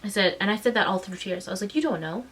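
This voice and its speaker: A woman's voice: medium pitch, lively intonation, quick pace, slightly rough. A mother speaks straight to her camera in a mid-range voice, raw and close to tears. Her frustration shows as she stumbles, restarts and presses her points with indignation. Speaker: mother and vlogger. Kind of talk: emotional personal vlog recounting.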